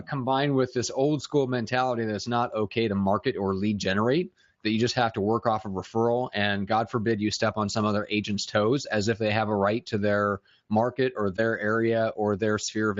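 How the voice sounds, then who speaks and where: A man's voice: on the low side, fairly even intonation, normal speed, dry recording, dull audio. A man co-hosting a casual podcast, wry and chatty, building into rants. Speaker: podcast co-host.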